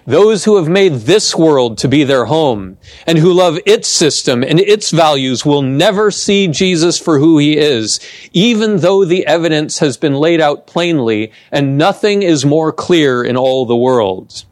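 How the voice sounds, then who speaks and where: A man preaching a sermon, slow and deliberate, with emphatic pauses on key words. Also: fairly high pitch, animated, no room sound. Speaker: pastor.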